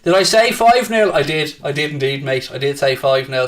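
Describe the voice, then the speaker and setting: A man hosting a football watchalong stream, reading viewer comments aloud and taunting rival fans with brash, profane banter that flares into shouting. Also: fairly high pitch, normal speed, hardly any pauses, far from the mic. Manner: excitable, shouting at times. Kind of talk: casual live-stream chat, reading and answering viewer comments.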